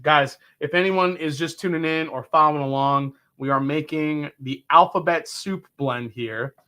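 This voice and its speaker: Bright, upbeat man chatting on a livestream. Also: on the high side, moderate pace. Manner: enthusiastic, rambling, reads chat aloud. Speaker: livestream whiskey reviewer. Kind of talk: casual livestream chat.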